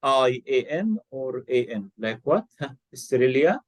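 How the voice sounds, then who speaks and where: A man's voice: mid-range voice, big pitch swings, takes it slowly, no room sound, rough recording. A man teaching an English lesson, patiently repeating words and spelling them out letter by letter. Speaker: English tutor. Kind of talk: online one-to-one English lesson.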